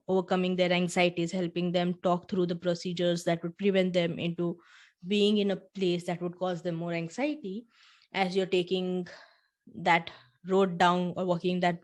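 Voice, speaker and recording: Earnest woman talking to podcast listeners. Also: on the low side. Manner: earnest, talks straight to the listener, acts out little dialogues. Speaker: podcast host. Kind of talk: solo podcast storytelling.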